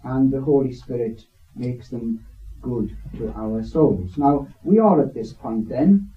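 A man speaking slowly and earnestly as he leads a Bible study discussion. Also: mid-range voice. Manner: slow, deliberate, earnest. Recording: distant, dull lo-fi recording.

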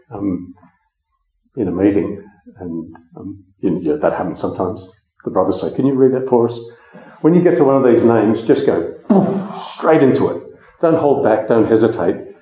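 A man preaching a Bible teaching sermon in a conversational way, with frequent ums and restarts. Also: fairly low pitch. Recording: echoey room, dull lo-fi sound.

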